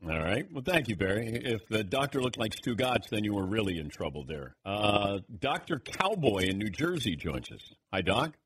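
A man's voice: on the low side, big pitch swings, moderate pace, few pauses, fairly bright tone, breathy edge. A man hosting a radio talk show, taking calls and joking with his crew. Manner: joking, laughs often, acts out voices in stories. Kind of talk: casual sports radio chat.

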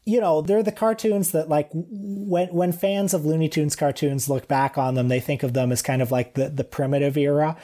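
A man co-hosting a podcast, chatting casually about cartoons with wry, animated storytelling. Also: a little high, moderate pace, few pauses. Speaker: podcast co-host. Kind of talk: casual film-discussion chat.

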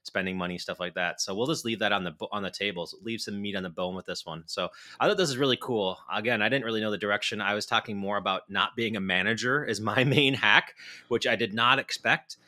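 Male co-host, low-ish voice, quick rambling podcast chatter. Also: sharp tone. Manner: loose, rambling, restarts words often. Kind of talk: casual podcast chat.

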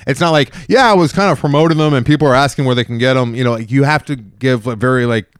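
A man's voice: medium pitch, quick pace, clear, resonant tone, no echo. A man hosting a podcast, telling a long and rambling story in casual chat. He often restarts his sentences and briefly acts out the other people in it. His voice sounds dry and close, with little room sound. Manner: rambling, animated retelling with many restarts. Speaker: podcast host.

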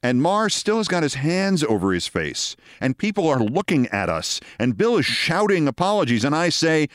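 Sixty-something guy spinning a yarn, wry and deliberate, super lively delivery. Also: a little high, dry recording, studio quality. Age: 60s. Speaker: host. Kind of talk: storytelling monologue.

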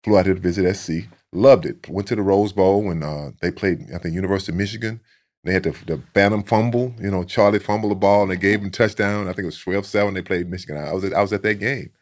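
A man, a guest telling stories in a relaxed way and repeating words as he goes. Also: low-pitched, fast. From Texas. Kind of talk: casual storytelling.

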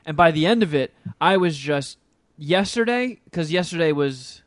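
A man with a somewhat high voice, rambling through stories in a relaxed, casual chat. He swears constantly and restarts his sentences as he goes. The recording is dry, with no room around it. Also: normal speed, dry recording. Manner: profane, rambling storyteller.

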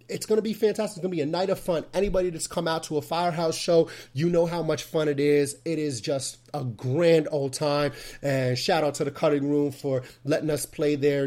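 Chatty upbeat male podcast host. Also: fairly high pitch. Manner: energetic and chatty, with lots of fillers. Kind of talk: casual solo podcast talk.

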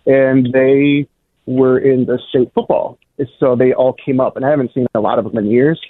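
A man's voice: mid-range voice, steady tone, normal speed, no room sound. A man from southeast Minnesota calling a radio show and chatting about a trip back home. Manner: chatty storyteller. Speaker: caller. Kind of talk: phone-in chat. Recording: phone line.

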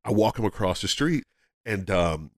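A man, a comedian guest on a podcast, telling a story casually and acting out the people in it with sudden jumps in pitch. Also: moderate pace, no echo, clean studio sound. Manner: animated, acts out quotes with big pitch jumps.

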